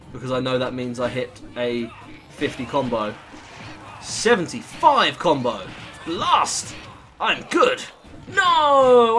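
A young British man giving rambling, jokey, sweary commentary while playing a video game. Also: mid-range voice. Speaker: gaming YouTuber. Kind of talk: gameplay commentary.

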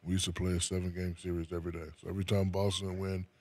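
A very deep-voiced man from New Jersey, a retired basketball player, talks in a laid-back way as an interview guest. He often repeats his first words before he gets going, and the sound is dry and close. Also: level tone, rapid-fire, darkish tone, dry recording. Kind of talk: casual interview chat.

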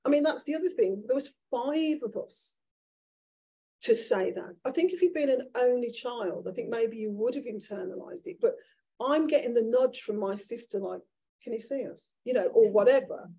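A woman in her sixties with a Brummie accent and a gravelly, husky voice, speaking as a guest author onstage. Her tone is mellow and dark, and she tells candid, lively stories with frequent restarts. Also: a little high, moderate pace. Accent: Birmingham. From Birmingham, England. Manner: animated, candid storytelling with restarts. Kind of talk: conversational onstage talk. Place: event room with an audience.

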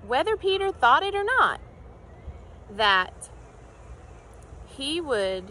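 A woman's voice: on the high side, bright, forceful tone, a little hiss or hum. A woman teaching children in church, telling a Bible story with acted-out voices and questions to the kids.

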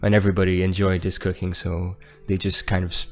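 A man playing a tabletop game, describing his character haltingly with many fillers. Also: low voice, completely flat delivery, a little mellow, soft background music. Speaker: player.

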